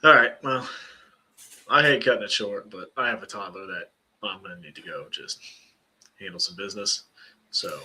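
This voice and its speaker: A man's voice: on the low side, normal speed, long pauses, pushed and bright, slightly rough. A young man co-hosting a wrestling podcast, talking in a loose, joking way that often trails off and restarts. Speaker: podcast co-host. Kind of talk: casual chat.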